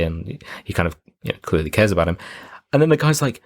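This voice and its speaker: A man co-hosting a casual film podcast, retelling scenes and jumping into quick voices for the characters. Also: sits low, dry recording, studio quality. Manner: acts out film scenes with quick jumpy voices, laughs often. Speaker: podcast co-host. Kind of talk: casual film-review chat.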